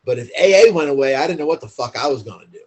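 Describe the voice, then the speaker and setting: Guest: man, husky and slightly high-pitched, candid and profane, chatty storytelling. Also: expressive, racing, a little mellow. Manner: blunt, profane, heavy filler use. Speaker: podcast guest.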